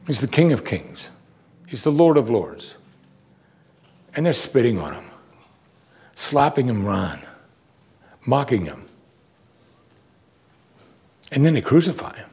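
An earnest man preaching a sermon. His voice sits at an ordinary middle pitch, and he pushes it up on the words he wants to land. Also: a little mellow. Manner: earnest, emphatic, with rising pitch on key words.

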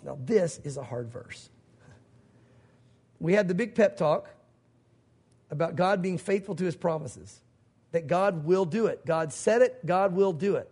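A middle-aged male pastor preaches with an emphatic, conversational delivery. His voice sits high for a man and has a husky, breathy edge. He often slips into acting out quoted speech. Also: unhurried, pauses often, a little mellow. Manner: emphatic, acts out God's voice in quotes. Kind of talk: sermon.

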